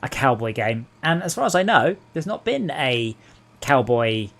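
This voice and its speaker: This English streamer hosts a late-night gaming session, speaking at medium pitch and a moderate pace. Casual and rambling, he cracks jokes and spins stories with animation.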